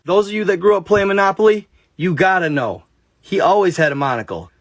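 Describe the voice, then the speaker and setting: A man's voice: high voice, animated, a little fast, no room sound. A man narrating a story and chatting casually to his viewers, addressing them directly. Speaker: narrator and vlogger.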